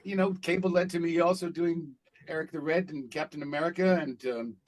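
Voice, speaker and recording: A man who works as a voice actor telling stories in a casual interview, animated and laughing as he acts out what people said. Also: on the high side, fairly quick, poor audio. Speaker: voice actor guest.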